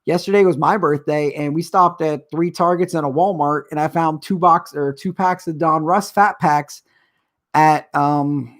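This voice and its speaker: A man's voice: on the high side, steady tone, unhurried, fairly bright tone. Agitated rambling middle-aged man ranting. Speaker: show host. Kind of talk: casual live-stream rant.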